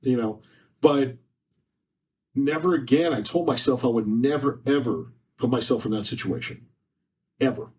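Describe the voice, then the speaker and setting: A man's voice: mid-range voice, normal speed, pauses often, darkish tone, breathy edge. A man on a podcast, sharing a personal story in an earnest, repetitive, emotional way. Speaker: podcast guest. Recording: distant mic from faulty setup.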